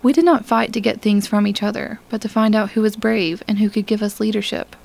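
A woman reading the part of a weary young alien woman from a dying race, speaking quietly and formally in an audiobook. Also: medium pitch, fairly even intonation, fairly quick, gravelly. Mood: solemn. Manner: quiet, resigned, formal speech.

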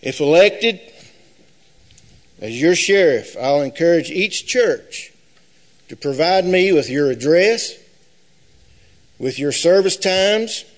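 A man's voice: fairly high pitch, animated, slow pace, long pauses. A man running for sheriff, speaking nervously and plainly at a live forum, with some hesitation. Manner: plain-spoken, a little hesitant with fillers. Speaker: sheriff candidate. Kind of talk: campaign speech at a forum. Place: high school forum hall.

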